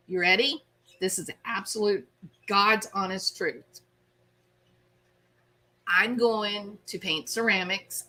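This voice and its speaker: A woman hosting a casual live stream, chatting with her viewers by name in an animated way and often laughing. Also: medium pitch. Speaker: host.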